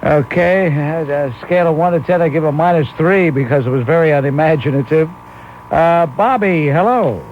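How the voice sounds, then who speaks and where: A man's voice: a little high, normal speed, slight background noise. A man hosting a call-in talk radio show, blunt and dismissive as he scores callers. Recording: 1991 AM radio broadcast, muffled.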